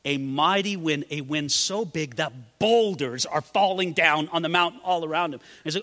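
Pastor guy preaching, high bright voice, goes from loud to hushed, big echoey hall. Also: a little fast, few pauses. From California. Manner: dramatic, swings from loud exclamations to hushed near-whispers. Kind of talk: sermon.

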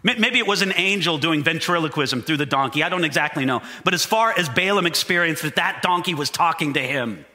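A man preaching a sermon as a pastor, animated and emphatic. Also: on the high side, fairly quick, few pauses. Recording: long hall reverb.

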